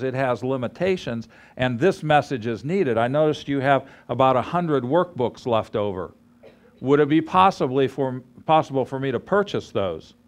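Animated man telling a sermon story. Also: medium pitch. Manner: animated storyteller, acts out dialogue. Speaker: ministry leader teaching a course.

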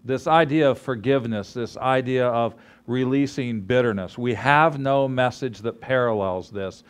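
A man's voice: medium pitch, moderate pace, smooth. A man preaching to a gathered group, telling a story with acted-out dialogue. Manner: animated storyteller, acts out dialogue. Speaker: ministry leader teaching a course. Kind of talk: sermon with storytelling.

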